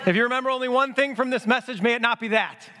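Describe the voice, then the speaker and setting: High-voiced man preaching conversationally. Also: quick pace, bright, forceful tone. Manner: conversational preaching with acted quotes and audience prompts. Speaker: pastor. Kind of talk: sermon.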